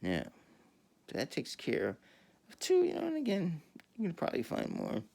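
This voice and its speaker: A man in a rambling, profane monologue who laughs often and swings from mumbling to shouting. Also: a little high, huge pitch swings, moderate pace, creaky, husky. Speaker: video host.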